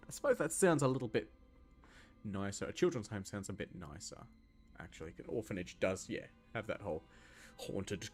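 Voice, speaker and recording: A young man from Scotland giving loose, rambling gameplay commentary and answering chat questions, with plenty of ums and restarts. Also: fairly low pitch. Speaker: gaming video host.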